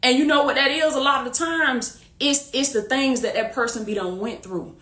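Bright-voiced woman rallying her livestream. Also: high voice, moderate pace, reverberant. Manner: repetitive, rallying, preachy and warm-hearted, laughs often. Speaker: faith-based life coach hosting a livestream. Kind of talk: casual livestream pep talk. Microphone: phone or webcam on a live stream.

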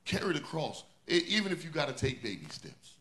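Bright-voiced preaching pastor. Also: male voice, a little high, very animated, brisk. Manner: preaching with rising and falling intensity, repeating refrains. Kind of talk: sermon.

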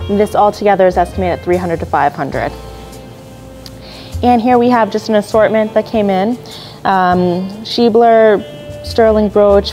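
A woman leads a preview of upcoming auction lots. She talks through each piece in a mellow, unhurried voice, with the odd filler and apology. Soft music plays faintly behind her. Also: medium pitch, poor audio. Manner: describes items one by one, admiring, with small apologies and fillers. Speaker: auction house jewelry specialist.

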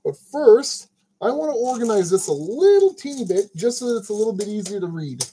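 A man's voice: high voice, very animated, fairly quick, mellow, slight background noise, rough recording. A man hosting a crafting video, chatting casually and joking at his own expense while he sorts kit parts. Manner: chatty, self-deprecating, talks to himself while sorting parts. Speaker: crafting channel host. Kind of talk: casual narration while building a model kit.

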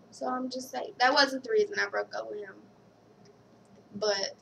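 Young woman, personal vlog storytelling, gravelly fry, set back from the mic. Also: a little high, steady tone, sharp tone, recorded from a distance, slight background noise, low-quality recording. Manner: candid, halting, reads a card aloud. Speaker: vlogger.

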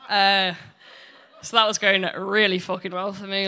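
A woman's voice: medium pitch, flat delivery, measured pace, sharp tone, clean tone. A woman doing blunt, sweary, self-mocking stand-up storytelling. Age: 20s. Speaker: stand-up comedian.

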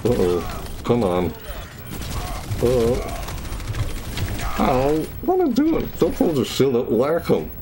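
A man giving casual gameplay commentary, excitable, laughing often and yelping high when thrilled. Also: slow pace, pauses often, noisy background. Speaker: gaming video creator.

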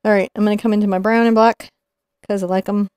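A woman's voice: medium pitch, level tone, fast talker, darkish tone, clear, resonant tone, no room sound. Chatty woman teaching painting. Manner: chatty, explains while painting. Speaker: painting instructor. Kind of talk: live painting tutorial.

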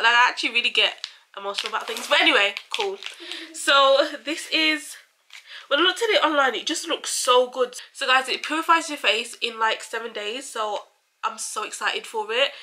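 A woman's voice: fairly high pitch, background noise. A young woman chatting casually through a shopping haul, bubbly and full of fillers. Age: young adult. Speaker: beauty vlogger.

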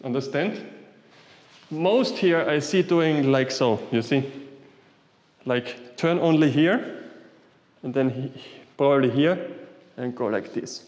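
A man's voice: medium pitch, takes it slowly, pauses often, darkish tone. A man leading an exercise class in short commands and simple, non-native English, often checking in with "yeah?". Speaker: qigong instructor. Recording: echoey hall, voice from some distance.

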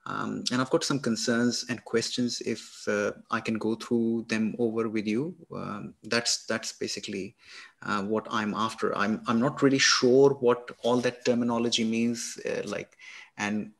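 A man's voice: fairly low pitch, flat delivery, measured pace, vocal fry. A man playing a worried male patient in a practice doctor's visit, speaking hesitantly with many fillers.

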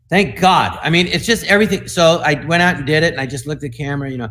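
Male, 60s, from the US. Panel guest, animated storyteller who acts out the dialogue. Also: on the high side, fast talker, few pauses. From United States. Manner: animated, acts out other people's lines in the stories. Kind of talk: anecdotal storytelling.

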